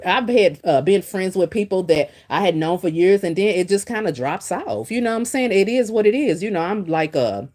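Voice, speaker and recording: A woman's voice: medium pitch, expressive, fairly quick, hardly any pauses, darkish tone. A middle-aged woman hosting a casual gossip stream, talking back to viewer comments in a sassy, emphatic way and repeating points for effect. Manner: reads and answers viewer comments. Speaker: livestream host.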